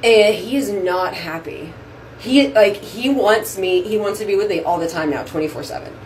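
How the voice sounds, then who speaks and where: Woman vlog host, chatty and effusive, everyday mid pitch, faint hiss behind. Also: moderate pace, poor audio. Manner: chatty and effusive, says "y'all". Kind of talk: casual chat to camera. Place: at a bathroom sink at home.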